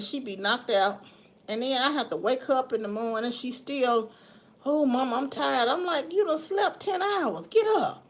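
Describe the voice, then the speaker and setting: With a high-pitched, slightly bright voice, a middle-aged livestream host from the Memphis area chats casually with her viewers. Her manner is folksy, and she laughs often.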